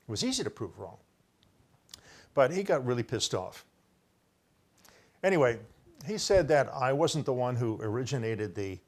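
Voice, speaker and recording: An older man giving a rambling solo talk, presenting his own research and often correcting himself as he insists he was first with an idea. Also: mid-range voice. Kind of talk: solo lecture to camera, showing book pages.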